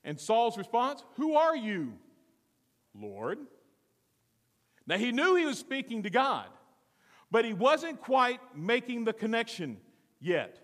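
A man preaching a sermon with dramatic swings from loud to hushed, acting out the voices in the story. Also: very high-pitched, huge pitch swings, slow pace, pauses often, big-room sound. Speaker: pastor.

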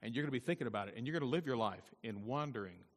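A male pastor preaching a sermon, repeating his points and swinging between loud emphasis and quiet intensity. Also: medium pitch, lively intonation, very fast. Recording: long reverb of a large hall.

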